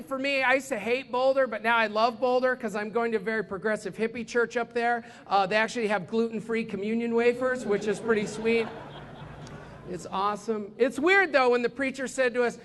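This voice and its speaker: A young man with an American accent works a comedy club crowd through a stage mic. His voice sits very high for a man, and he talks with quick, bouncy energy, darting into voices for the people in his jokes. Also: fairly bright tone. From United States. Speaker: stand-up comedian. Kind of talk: stand-up comedy set.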